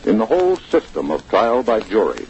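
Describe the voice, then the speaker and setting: Guy reading a trial report on old radio, slow and deliberate, faint hiss behind. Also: on the low side, wildly swooping pitch, darkish tone, low-quality recording. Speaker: radio correspondent. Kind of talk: broadcast courtroom report.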